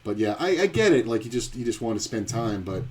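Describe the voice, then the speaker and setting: A man's voice: on the low side, very animated, fast talker, darkish tone, slight background noise. A man streaming poker and telling a rambling, blunt, profane story in casual chat.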